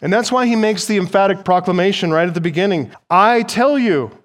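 A middle-aged man preaching an expository sermon as pastor, emphatic, dropping soft and then rising loud to stress his points. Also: sits high, fast.

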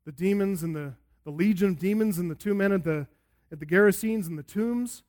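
A man preaching an expository sermon as a pastor, emphatic and swinging between loud and hushed delivery. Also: sits high, a little fast.

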